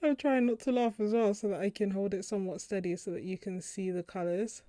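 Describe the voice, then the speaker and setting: A woman's voice: mid-range voice, steady tone, brisk, warm tone, no room sound. A young British woman chatting casually on a live stream while she swatches paints, laughing often and thinking aloud. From Britain. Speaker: art channel host.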